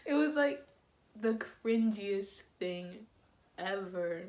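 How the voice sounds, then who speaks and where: A woman's voice: mid-range voice, takes it slowly, slight background noise. A young woman tells a story in a casual vlog, taking her time over every word. She is giggly and dramatic, often breaking into laughter as she goes. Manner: animated, dramatic retelling. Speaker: vlogger telling a story.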